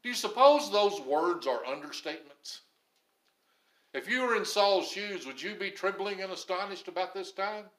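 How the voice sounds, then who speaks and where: A man preaching a sermon as pastor, stressing some phrases loudly and dropping others low and quiet. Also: normal speed, roomy sound, poor audio. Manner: emphatic, swings between loud stresses and low quiet phrases.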